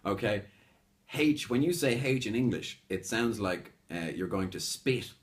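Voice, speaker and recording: A man's voice: lowish voice, measured pace. A man from Spain teaching English pronunciation in a casual two-person lesson, switching between English and Spanish and acting out example sounds. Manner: animated, demonstrates sounds with exaggerated examples. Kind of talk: bilingual language lesson chat.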